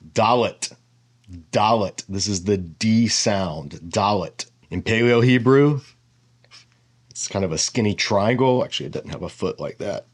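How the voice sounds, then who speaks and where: Low-voiced man teaching letters casually. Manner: explanatory, thinking aloud with asides. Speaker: Bible teacher. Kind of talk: casual whiteboard lesson.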